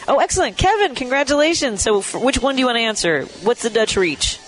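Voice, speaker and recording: A man with a notably high voice runs a live radio call-in from a restaurant. He chats loosely, laughs often and trips over his own sentences before correcting himself. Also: expressive, fast, fairly bright tone, soft background music, rough recording. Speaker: radio host.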